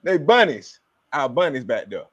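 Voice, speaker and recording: A man with a high, lively voice chats among friends. He teases and laughs along, his pitch moving freely. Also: moderate pace. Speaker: friend in group chat. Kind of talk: casual chat.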